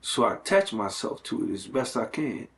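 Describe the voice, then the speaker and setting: A man's voice: mid-range voice, big pitch swings, moderate pace, a little hiss or hum. A middle-aged man talking earnestly in a casual conversation, with many fillers and restarts. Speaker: guest.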